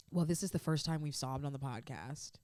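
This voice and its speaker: A woman co-hosts a casual fan podcast, talking through scenes she loved in a rush of feeling. Her voice sits low, and the sound is dry and close. She strings thoughts together with plenty of "like.". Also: a little mellow, no room sound. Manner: gushing, emotional recap with many "like" fillers. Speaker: podcast co-host.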